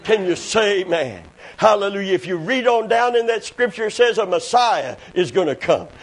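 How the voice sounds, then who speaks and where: A man preaching a fervent sermon, breaking into shouted bursts and hallelujahs. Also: sits high, lively intonation, moderate pace, breathy edge. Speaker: pastor.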